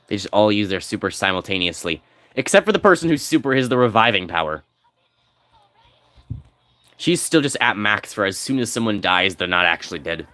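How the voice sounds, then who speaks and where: A man giving casual, rambling commentary as he plays a game, now and then reading game text aloud quickly. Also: fairly low pitch, expressive, sharp tone, no room sound. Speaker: game streamer.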